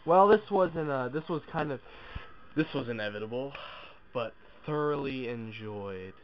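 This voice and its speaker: A man's voice: mid-range voice, expressive, a little slow, a little hiss or hum. Nasal man with a cold. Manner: offhand and dismissive, many uhs. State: has a cold. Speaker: wrestling fan vlogger. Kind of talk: casual opinion vlog. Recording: dull lo-fi recording.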